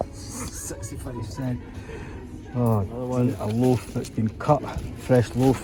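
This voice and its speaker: A man with a Scottish accent, chatting casually as a vlogger and often exclaiming in disbelief as he goes through shops and sits in a car. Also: medium pitch. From Scotland. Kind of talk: casual vlog commentary.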